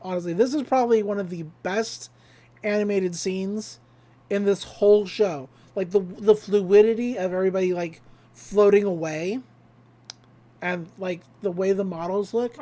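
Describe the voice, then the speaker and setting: A woman's voice: medium pitch, steady tone, moderate pace, warm tone. A woman recapping a cartoon episode in a casual, chatty, enthusiastic way. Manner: chatty and enthusiastic, with frequent fillers. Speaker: podcast host recapping an episode.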